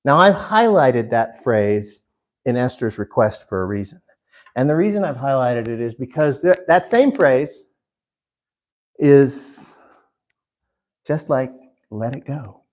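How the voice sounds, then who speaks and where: A man teaching a Bible class in an unhurried way, putting questions to the class. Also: mid-range voice, animated. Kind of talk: interactive Bible class lesson.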